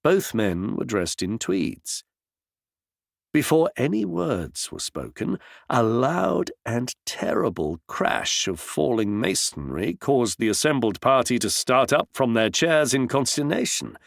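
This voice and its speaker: Male audiobook narrator, gravelly, lively intonation, dry close-mic read. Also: medium pitch, slow, dry recording. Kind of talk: scripted narration.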